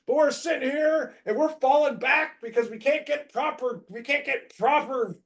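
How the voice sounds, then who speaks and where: A higher-pitched man in his thirties from the United States tells stories as a podcast host. He rambles with lots of restarts, then bursts into loud acted-out quotes. His voice sits high for a man. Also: moderate pace, few pauses. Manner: rambling, animated, acts out quotes with shouts. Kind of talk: casual storytelling chat.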